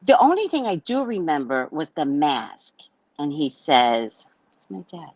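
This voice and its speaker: A woman's voice: deep voice, very animated, a little slow, a little mellow, no echo, highs cut off. A woman telling a personal story in a casual monologue, blunt and swearing freely as she acts out a heated argument. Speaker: psychic reader sharing a personal story.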